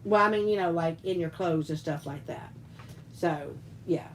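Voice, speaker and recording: A woman's voice: lowish voice, normal speed, slight background noise, poor audio. A woman hosting a casual live stream. She chats, reads out viewer comments and tells rambling stories, with frequent laughs. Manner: chatty, rambling storyteller who laughs often. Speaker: livestream host and teacher.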